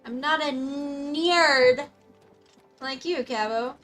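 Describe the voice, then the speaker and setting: A woman's voice: high-pitched, drawn-out words. Bubbly young woman streamer, music behind. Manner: bubbly, excitable, talks to her dog. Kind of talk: casual live-stream chat reading comments. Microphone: desk mic, dog close by.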